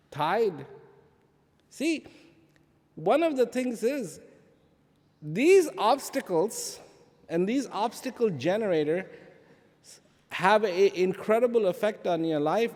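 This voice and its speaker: A man giving an inspirational talk to an audience, animated, asking rhetorical questions and repeating phrases for emphasis. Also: high voice. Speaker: speaker addressing an audience. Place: large event hall. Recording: long hall reverb.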